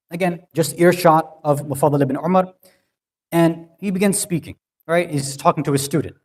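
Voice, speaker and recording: A speaker at an Islamic center gives a sermon-style talk in a slightly high, darkish voice. He tells a story conversationally, often checking in with "right?", and a long hall reverb surrounds him.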